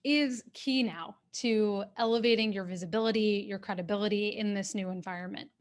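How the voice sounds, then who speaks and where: A woman executive coach speaks into her webcam during an online workshop. Her voice sits at a middle pitch, and her delivery is clear, steady and instructive. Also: fairly quick. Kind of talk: workshop talk. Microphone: webcam on a video call.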